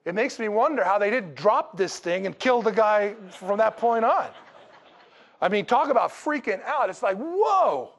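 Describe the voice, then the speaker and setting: Man, preacher, sermon, humorous storytelling, acts out dialogue, fairly high voice. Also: moderate pace, lo-fi sound. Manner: humorous, animated storytelling with laughs; acts out dialogue in a casual, jokey way. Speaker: pastor.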